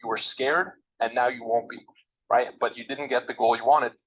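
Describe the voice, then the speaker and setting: A man's voice: medium pitch, steady tone, moderate pace, a bit bright, highs cut off. A man interviewed as a guest trader, giving emphatic, motivational advice straight to the listeners. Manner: emphatic, coaching, direct address to listeners.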